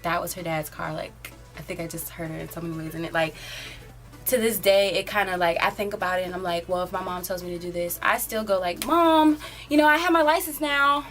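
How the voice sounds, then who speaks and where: A woman's voice: fairly low pitch, fairly even intonation, fast talker, faint music behind. An eighteen-year-old woman telling a story in a casual, rambling way, filling it with "like" and "um". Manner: rambling, filler-heavy, often says "like". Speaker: vlogger.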